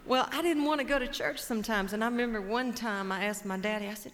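A Cajun woman from Louisiana, storytelling and emceeing live on stage in a lively, folksy way, with a Cajun accent. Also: fairly high pitch, fast talker, slight background noise. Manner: lively, folksy, warmly engaging the audience. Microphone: stage microphone. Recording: long hall reverb from a live stage.

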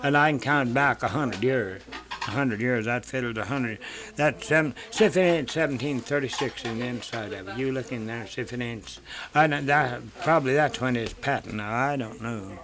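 With crowd noise behind him, an older man interviewed about his family rambles through folk stories in rural dialect. He swears freely, repeats "he said" often, and speaks at a moderate pace in a mid-range voice.

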